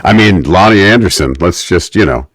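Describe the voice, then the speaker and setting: Deep-voiced man, wry podcast recap. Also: lively intonation, moderate pace, fairly bright tone, no echo. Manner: wry, mock-academic ranting. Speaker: podcast co-host. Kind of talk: casual podcast recap chat.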